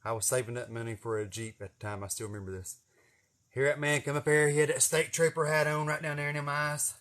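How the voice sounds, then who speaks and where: A man's voice: fairly high pitch, steady tone, fast talker, a bit bright. Man, 40s; folksy, profane storyteller who chuckles as he goes. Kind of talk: casual storytelling to camera.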